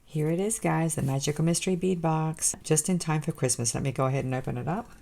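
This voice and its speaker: A woman with a low voice that drops into a gravelly fry hosts a casual unboxing vlog. She gushes over each item with open enthusiasm and keeps talking straight to her viewers. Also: fast talker, background noise. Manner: gushing, enthusiastic, addresses viewers as guys. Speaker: jewelry designer and channel host.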